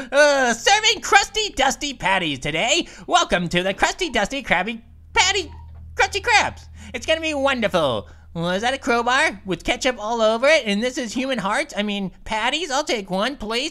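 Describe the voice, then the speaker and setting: A woman's voice: high voice, very animated, normal speed, pushed and bright, heavily acted. A woman voicing a goofy, hyper cartoon gaming host who stammers and giggles through comedic let's play commentary.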